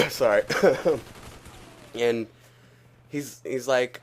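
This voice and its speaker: A man's voice: on the low side, normal speed. A young man giving casual, profane gameplay commentary, rambling and laughing at his own stories while coughing as he recovers from being sick. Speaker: gaming YouTuber.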